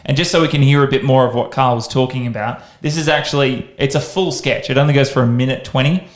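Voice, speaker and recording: A man's voice: medium pitch, steady tone, quick pace. Chatty guy in an echoey room. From Australia. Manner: rambling, restarts sentences, enthusiastic. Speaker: podcast host. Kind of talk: casual podcast chat. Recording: roomy echo.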